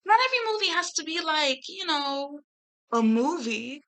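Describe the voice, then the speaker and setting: Bright, animated young woman vlogger. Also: high-pitched, normal speed, rough recording. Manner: animated, laughs a lot, swears freely, slangy. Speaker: YouTuber reviewing a film. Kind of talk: casual chatty movie review.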